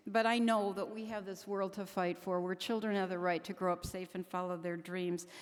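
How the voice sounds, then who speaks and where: An older woman, a grandmother, giving an earnest, heartfelt speech to a conference audience, sometimes stopping and restarting her sentences. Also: fairly low pitch. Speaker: keynote speaker at a conference. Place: large conference hall. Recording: long hall reverb.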